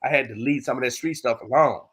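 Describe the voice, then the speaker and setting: A man's voice: medium pitch, fast, fairly bright tone, breathy edge. A man with a Texas accent hosting a casual livestream Q and A, talking loose street slang with lots of "you know what I'm saying". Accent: Texan. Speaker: livestream host.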